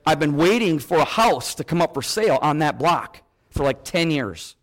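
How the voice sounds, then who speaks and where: A man's voice: a little high, animated, moderate pace, fairly bright tone. A man voicing an anxious man with a Boston accent who calls asking for prayer, blunt and insistent. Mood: pleading.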